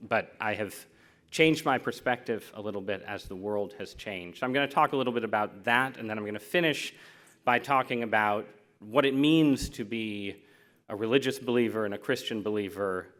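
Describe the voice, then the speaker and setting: A man's voice: lowish voice, normal speed, a bit bright. An American man giving a public lecture as guest speaker, joking at his own expense and often restarting his sentences. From United States. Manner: self-deprecating, joking, with restarts. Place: lecture hall.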